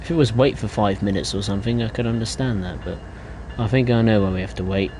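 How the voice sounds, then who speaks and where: A man streaming a train simulator game live, chatting in a relaxed way and thinking aloud as he drives. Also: lowish voice, fast. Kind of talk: live gameplay commentary. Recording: game train noise behind.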